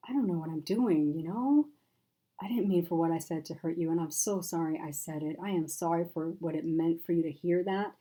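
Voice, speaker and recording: A woman voicing a soft-spoken, remorseful woman friend who talks quietly and sighs, her delivery subdued. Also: lowish voice, a little fast, natural voice, rough recording.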